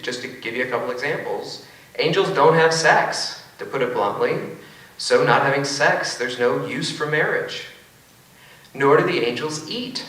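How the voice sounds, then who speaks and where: A man's voice: medium pitch, normal speed, a bit bright. A man, a philosophy professor, giving a wry, joking debate talk in a large auditorium. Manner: wry, joking, with frequent asides. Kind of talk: lecture-style debate talk. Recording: echoey auditorium from far off.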